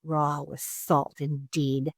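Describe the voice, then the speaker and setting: A woman voicing a small, brave, stubborn male mouse dentist in a children's storybook read-aloud, with a crisp, firm, commanding manner. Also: mid-range voice, moderate pace, dry recording, clean studio sound, natural voice. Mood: stern.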